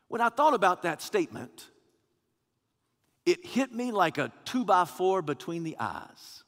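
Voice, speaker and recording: A man preaching a sermon with emphatic, rhythmic repetition that swells toward shouting. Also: sits high, big pitch swings, measured pace, long reverb tail.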